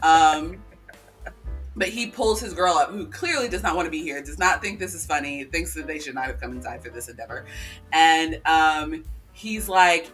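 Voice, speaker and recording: A podcast co-host in casual chat, telling stories in an animated way with sarcastic asides. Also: medium pitch, brisk, faint music behind.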